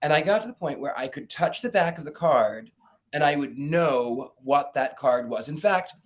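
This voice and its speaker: A psychic guest tells stories in a relaxed interview, animatedly acting out the voices of people he quotes and laughing along the way. His voice is fairly high and he speaks at a normal speed.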